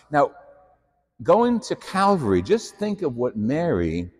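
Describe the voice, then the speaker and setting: A man's voice: on the high side, wildly swooping pitch, takes it slowly, big-room sound. A male priest preaching a sermon in a church, telling self-deprecating stories. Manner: anecdotal storytelling, self-deprecating.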